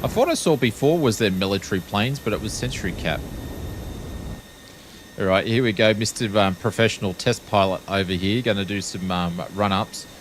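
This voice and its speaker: An Australian man with a lowish voice gives relaxed, wry running commentary as a streamer. He often trails off with ums. A faint engine hum sits under his speech. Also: normal speed. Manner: chatty, wry, with frequent ums. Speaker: flight sim streamer. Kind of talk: casual live-stream commentary.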